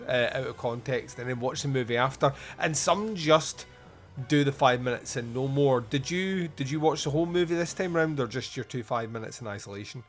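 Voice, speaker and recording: A man hosting a podcast in casual film review chat. He talks in a chatty way, laughs often and restarts his sentences. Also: medium pitch. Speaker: podcast host.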